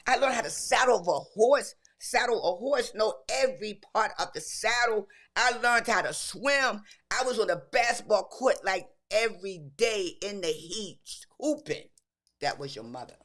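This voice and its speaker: A woman in her sixties, a podcast guest, telling lively stories in casual chat and acting out her younger self. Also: on the high side, measured pace. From Baltimore. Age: 60s. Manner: animated storyteller, acts out her younger self.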